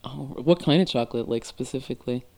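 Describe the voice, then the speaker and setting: A woman hosting a podcast interview, enthusiastic and quick to laugh as she gushes over her guest's work. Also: a bass voice, mellow. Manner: enthusiastic, giggly, gushing. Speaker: podcast host. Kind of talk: casual interview chat.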